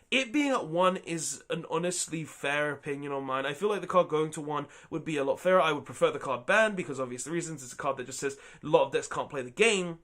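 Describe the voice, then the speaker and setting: A man's voice: on the high side, a bit bright. A man hosting a card game video channel, giving an emphatic, opinionated commentary with frequent repeats and stumbling restarts.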